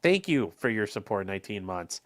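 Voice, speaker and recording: A man's voice: on the low side, very animated, brisk, a bit bright. A young man hosting a casual livestream, rambling through legal talk and viewer comments with plenty of fillers and restarts.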